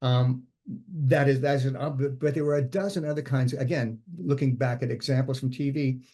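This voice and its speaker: A man with a mellow, dark-toned voice leads a relaxed writing workshop. He talks in a conversational way, thinking aloud and circling back as he explains screenwriting ideas. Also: medium pitch, moderate pace. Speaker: screenwriting instructor. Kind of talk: informal writing workshop talk.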